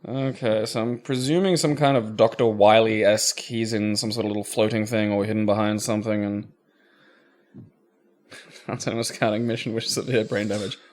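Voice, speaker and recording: A man's voice: fairly low pitch, steady tone, moderate pace. Jokey, giggly man riffing on a game. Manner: jokey, giggly, crude quips. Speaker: co-host watching the game. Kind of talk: casual let's-play commentary.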